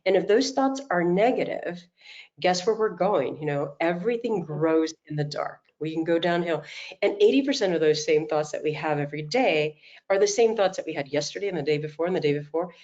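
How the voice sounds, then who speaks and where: A middle-aged woman coach giving an animated motivational talk, telling stories and acting out quotes, over a video call. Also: fairly low pitch, a little fast, muffled recording. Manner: animated storytelling, acts out quotes.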